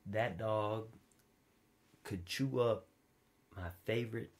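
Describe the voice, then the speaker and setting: A man preaching a sermon in a relaxed, conversational way, telling personal stories with big swings between loud high peaks and low quiet passages. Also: slow pace. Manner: informal storytelling, wide swings in pitch and loudness, drops low and quiet for stories.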